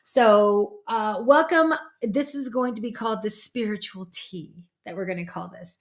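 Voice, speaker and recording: A woman's voice: mid-range voice, unhurried, few pauses. A woman, a psychic medium, hosting a casual livestream in a chatty, rambling way and greeting viewers by name.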